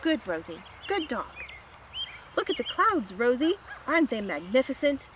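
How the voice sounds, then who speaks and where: A woman's voice: high-pitched, big pitch swings, normal speed, a bit bright, a little hiss or hum. George, a woman doing an upbeat dog owner. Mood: cheerful. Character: cheerful man, a dog's owner.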